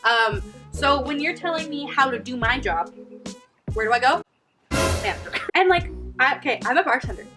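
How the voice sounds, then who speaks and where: A woman's voice: sits high, expressive, moderate pace, long pauses. A young woman co-hosting a casual chat outdoors, sarcastic and teasing as she tells bar stories. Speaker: podcast co-host, bartender. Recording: background music. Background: music.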